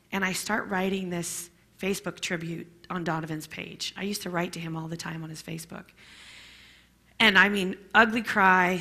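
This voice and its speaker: A middle-aged woman telling her personal story to a class in a candid, emotional, halting way. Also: medium pitch, vocal fry, sharp tone. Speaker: bereaved mother sharing her story.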